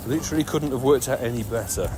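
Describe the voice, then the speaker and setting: Out on city streets with traffic roaring past, a British man plays a mobile game and narrates it live without stopping. He talks fast in a mid-range voice, chatty and excitable, much like a radio DJ.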